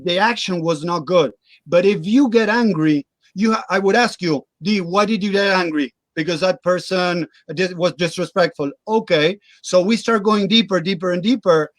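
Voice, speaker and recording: A man's voice: sits high, moderate pace, no room sound. A middle-aged man, a guest coach in a casual interview, explaining his views earnestly with everyday examples.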